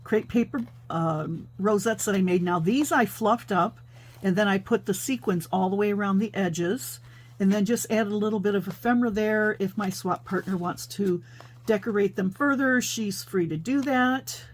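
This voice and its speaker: A paper crafting host chats her way through a casual show-and-tell of her crafts, thinking aloud with lots of fillers. Her voice is medium in pitch and she talks at a normal speed.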